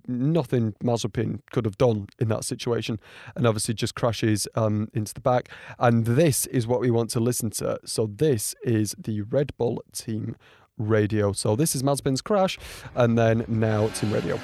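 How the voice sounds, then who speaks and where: A man's voice: medium pitch, steady tone, normal speed, dark tone, no echo, clean studio sound. Rambling man reacting to race footage. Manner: rambling, frequent ums, indignant. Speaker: motorsport commentator. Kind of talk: casual reaction commentary.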